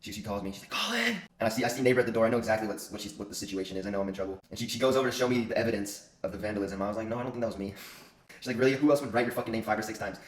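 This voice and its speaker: A man's voice: on the low side, steady tone, roomy sound. A young man telling funny stories about his childhood in casual, profane chat. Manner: fast, profane, joking. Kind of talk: casual storytelling monologue.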